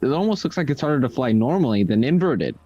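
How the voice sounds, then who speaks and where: A man's voice: mid-range voice, very animated, quick pace, dark tone, muffled recording. An American man co-hosting a live game stream, hesitant and easygoing, answering in short replies. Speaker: co-host. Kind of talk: casual live stream chat.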